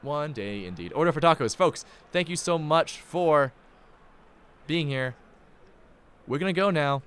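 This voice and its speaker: A man hosting a live sports stream, signing off with excitable, hype-filled chatter and big swings in pitch. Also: unhurried, smooth. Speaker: play-by-play host.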